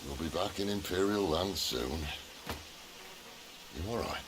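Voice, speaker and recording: An actor playing a gruff, wry middle-aged outlaw leader in a video game, bantering dryly. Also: male voice, low-pitched, expressive, unhurried, noisy background. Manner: dry teasing banter. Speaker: game character.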